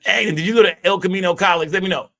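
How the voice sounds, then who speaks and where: A man's voice: high voice, fast, creaky, sharp tone. A man hosting a live stream, talking in a loose, rambling and profane way, full of filler tags. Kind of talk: casual live stream commentary.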